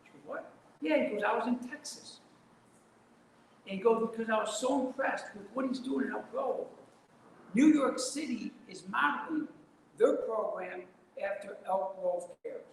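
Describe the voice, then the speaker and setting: A mayor giving a folksy, emphatic speech at a community event. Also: male voice, sits high, normal speed, creaky. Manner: folksy, emphatic, repetitive rallying. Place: large indoor event hall. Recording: very echoey hall, some noise.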